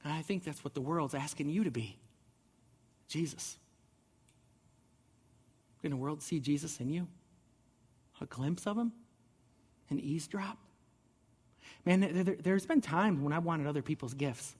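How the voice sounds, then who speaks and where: A man's voice: fairly high pitch, measured pace, long pauses, darkish tone, slightly rough, long reverb tail. A man giving a sermon as pastor, conversational and earnest, often restarting his words. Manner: conversational preaching with repeated restarts.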